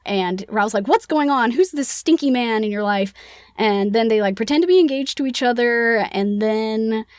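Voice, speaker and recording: A woman's voice: a little high, a little mellow, dry recording, clean studio sound. A woman co-hosting a casual book-club podcast, retelling a plot in a chatty, playful way with lots of "like". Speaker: podcast co-host.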